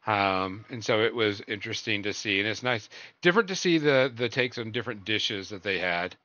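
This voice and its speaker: A man's voice: on the low side, fairly quick, pushed and bright, no echo, dull audio. A man hosting a casual podcast, reviewing shows and films in a rambling way, full of fillers and trailing off. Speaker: podcast host.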